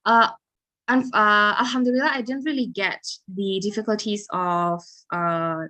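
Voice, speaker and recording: A young Indonesian-accented woman talks over a video call, answering audience questions as a webinar guest. Her voice sits at a middle pitch, and she moves along quickly, leaning on fillers and soft trailing asides. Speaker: guest speaker.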